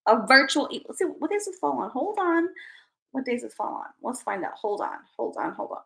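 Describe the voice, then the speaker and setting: A young woman hosting a casual livestream, bubbly and excitable, chatting to her viewers. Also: high voice, a little fast, vocal fry. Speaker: livestream host.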